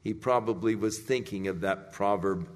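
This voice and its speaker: A man preaching a sermon, telling the scripture story in a deliberate, emphatic way. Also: on the low side. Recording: echoey hall.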